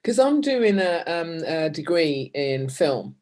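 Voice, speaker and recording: A woman hosting a podcast speaks in a voice that is very low for a woman. She talks casually and hesitantly, filling her pauses and restarting her sentences. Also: sing-song, darkish tone. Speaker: podcast host. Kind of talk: casual interview chat.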